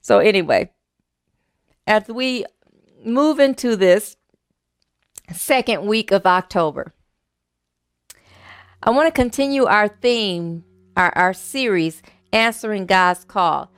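Earnest, smooth-voiced woman preaching. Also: medium pitch, animated, takes it slowly, long pauses, dry recording, clean studio sound. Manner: earnest, gently searching, repeats words while thinking. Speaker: pastor. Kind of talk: sermon.

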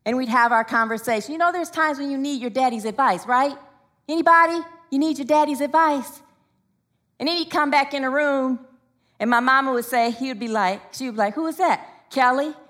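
Woman preacher in church, high bright voice, pushes the crowd to answer back. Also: fairly quick. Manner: call-and-response with congregation, emphatic. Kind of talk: sermon.

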